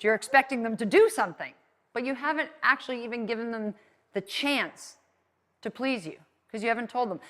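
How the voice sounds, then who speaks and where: A woman's voice: on the high side, sharp tone. A woman dog trainer teaching a live class, upbeat and often checking in with "okay?".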